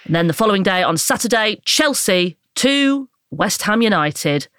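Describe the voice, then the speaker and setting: A woman putting on a posh sports broadcaster voice, reading out scores slowly and deliberately. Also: medium pitch, lively intonation, a bit bright, clean tone, no echo, studio quality, natural voice. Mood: mock-formal.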